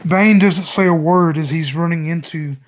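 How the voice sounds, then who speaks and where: Guy player, kinda high voice, earnest dramatic storytelling. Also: normal speed. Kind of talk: in-character narration.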